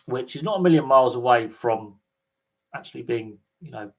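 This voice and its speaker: A man's voice: mid-range voice, animated, normal speed, creaky. A man with a Thames Valley English accent, hosting a casual livestream chat, rambling with lots of fillers and restarts. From England. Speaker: livestream host.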